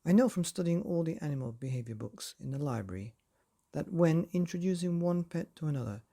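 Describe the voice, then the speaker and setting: A man's voice: on the high side, lively intonation, brisk, creaky, warm tone. A man voicing a gushing, prim middle-aged mother in a bedtime story, effusive and fussy.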